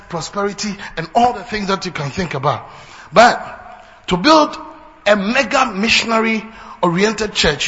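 A man preaching a fiery sermon, building to shouts. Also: high voice, in a large hall. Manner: fiery, rising to shouts, mixing in local phrases. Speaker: pastor. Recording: dull lo-fi recording with faint noise.

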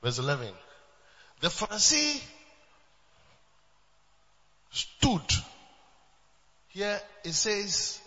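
A man's voice: high voice, huge pitch swings, takes it slowly, bright, forceful tone, long reverb tail, muffled recording. A man preaching a sermon as pastor, emphatic, with repeated refrains and bursts of laughter.

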